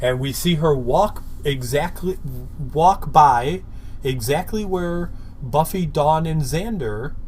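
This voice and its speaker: A man's voice: on the high side, lively intonation, takes it slowly, darkish tone, slight background noise. Easygoing man co-hosting a podcast. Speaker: podcast co-host. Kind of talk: casual recap chat.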